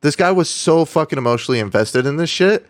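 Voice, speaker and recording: A man's voice: a little high, expressive, fast talker. Casually swearing young male streamer. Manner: swears freely, reads out viewer donations, laughs often. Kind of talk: casual live-stream chat.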